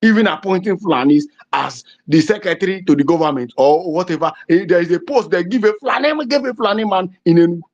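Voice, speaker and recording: A woman from southeastern Nigeria with a Nigerian accent, hosting fiery, emphatic political commentary that rises to shouting. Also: on the low side, quick pace, hardly any pauses. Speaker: host. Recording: dull lo-fi audio.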